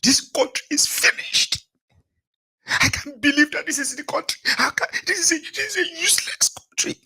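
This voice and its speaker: A man's voice: extremely high pitch, moderate pace, pushed and bright, pitched above the performer's own voice, heavily acted. A man voicing an outraged shopkeeper with a Nigerian accent who whines that the country is finished. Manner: exclamatory, whining and melodramatic.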